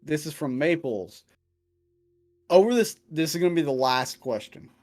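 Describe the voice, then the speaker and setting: A man's voice: fairly high pitch, lively intonation, moderate pace, a little mellow. Casual, profane man answering questions. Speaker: dungeon master answering viewer questions. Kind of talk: casual chat.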